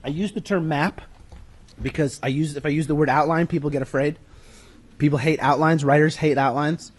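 Male workshop lecturer, slightly high voice, conversational and emphatic, drifts off-mic. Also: steady tone, fairly quick, husky. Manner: conversational teaching, emphatic, with handout references. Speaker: writing workshop speaker. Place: room with an audience. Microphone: moves away from the mic at times.

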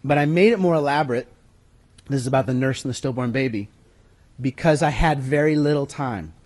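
In a mid-range, slightly mellow voice, a man briskly runs a writing-workshop lecture for a roomful of listeners. He's conversational and emphatic, mentions handouts, and occasionally steps back from the mic.

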